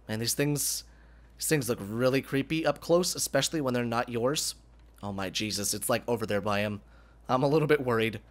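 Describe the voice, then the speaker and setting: Excitable gamer man with a cracking voice. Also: mid-range voice. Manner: excitable, swears casually, talks to the animals. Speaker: gaming YouTuber. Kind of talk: let's play commentary.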